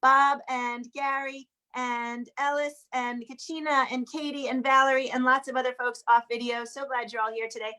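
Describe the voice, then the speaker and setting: A woman's voice: high-pitched, little pitch movement, sharp tone. A woman hosting an online community sing on a video call, chatty and upbeat, greeting people by name. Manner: upbeat, chatty, lists names quickly. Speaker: host of an online group sing. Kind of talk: warm welcome, greeting attendees by name.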